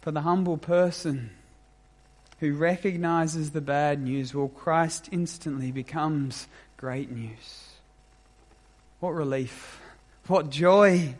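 A man delivering a sermon with a fairly high voice and an unhurried pace. He preaches in a measured, emphatic way, pausing deliberately between phrases. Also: steady tone. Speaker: pastor.

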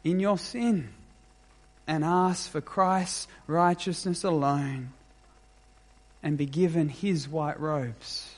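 A man delivering a sermon with a fairly high voice and an unhurried pace. He preaches in a measured, emphatic way, pausing deliberately between phrases. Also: fairly even intonation. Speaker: pastor.

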